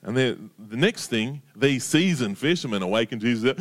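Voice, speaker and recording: A man's voice: mid-range voice, normal speed. Chatty man preaching. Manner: conversational storytelling, lively, chatty asides. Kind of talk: casual sermon.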